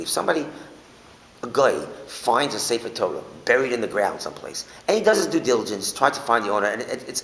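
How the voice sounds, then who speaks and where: A man giving a Torah class, animated, asking rhetorical questions and restating his points to the room. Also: medium pitch, vocal fry. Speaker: Torah teacher. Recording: echoey hall with faint hiss.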